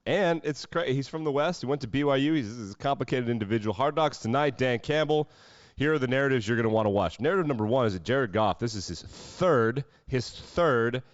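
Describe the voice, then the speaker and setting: A man's voice: mid-range voice, lively intonation, fairly quick, no room sound, dull audio. A man hosting a solo sports podcast, talking casually with sarcastic, wry asides. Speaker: podcast host.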